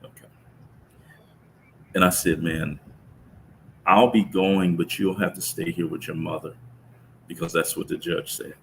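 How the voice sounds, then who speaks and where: A middle-aged man telling a personal story about his son in an interview, speaking in a reflective, halting way with many restarts. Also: low-pitched, fairly even intonation, vocal fry, a little hiss or hum, low-quality recording. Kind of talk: conversational storytelling.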